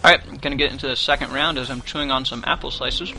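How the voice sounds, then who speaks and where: A man's voice: mid-range voice, steady tone, racing, gravelly, few pauses, sharp tone. A man doing live play-by-play commentary on a competitive video game, talking loosely with lots of "you know" fillers.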